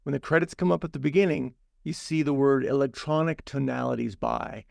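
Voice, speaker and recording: A man with a heavily gravelly, fry-laden voice at a middle pitch, talking films in a playful, riffing way. He leans on repetition for emphasis. The sound is close and dry. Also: a little fast, no room sound. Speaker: podcast co-host. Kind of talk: casual film chat.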